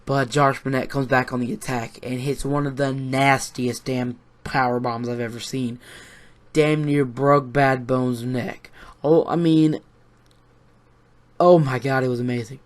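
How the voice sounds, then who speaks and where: A man giving a casual, rambling recap of a wrestling show, excitable and swearing freely, with lots of fillers and restarts. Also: mid-range voice, a little slow.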